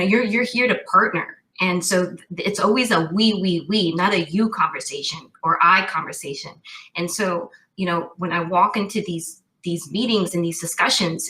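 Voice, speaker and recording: A woman's voice: fairly low pitch, bright, forceful tone, low-quality recording. A woman talking as a cyber risk expert guest, thoughtful and full of restarts. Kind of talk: casual interview talk.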